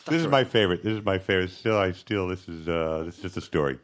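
A man's voice: sits low, quick pace, crowd noise. A man with a slight lisp telling a rambling comic story on stage, laughing at himself as he goes. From from overseas. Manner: rambling, animated, laughing at his own story. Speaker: comedian guest.

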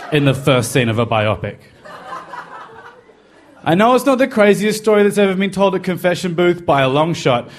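A man telling a personal story, wry and self-deprecating, in a confessional way. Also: medium pitch. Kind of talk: personal story told to a live podcast.

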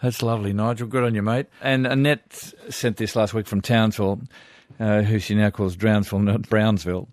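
A man's voice: on the low side, steady tone, brisk, hardly any pauses, dry recording. An older Australian man hosting a radio show, reading listener letters with chatty asides. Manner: warm chatty asides, chuckling.

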